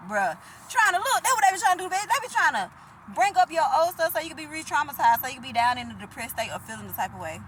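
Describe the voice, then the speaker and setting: A high-pitched woman, blunt and full of profanity as she preaches to the camera. Her emphatic, casual delivery comes through over steady background noise with vehicles passing. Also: fast, poor audio. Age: 30s.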